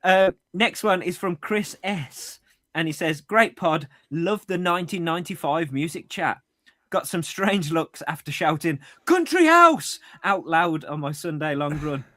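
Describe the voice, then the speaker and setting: A man's voice: fairly high pitch, steady tone, measured pace, fairly bright tone, dry recording, clean studio sound. A man co-hosting a podcast in casual chat, reading out listener messages and laughing often. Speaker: podcast co-host.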